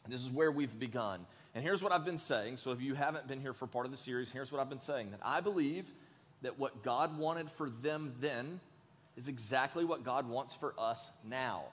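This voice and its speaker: A man's voice: medium pitch, moderate pace. A man preaching a sermon as pastor in a church, earnest and emphatic, leading the congregation in saying lines together. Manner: earnest, emphatic, leads the congregation in call-and-response. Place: large church sanctuary. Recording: long hall reverb.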